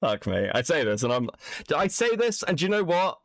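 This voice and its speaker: A man's voice: a little high, sing-song, brisk, dry recording. A man hosting a livestream, reacting crudely and laughing a lot, on a close mic. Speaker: stream host.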